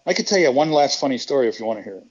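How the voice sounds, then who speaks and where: A man's voice: medium pitch, animated, very fast, a little mellow, slightly rough, dull audio. A middle-aged man and former pro wrestler, telling stories with self-deprecating jokes in a casual interview. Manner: joking, self-deprecating storyteller.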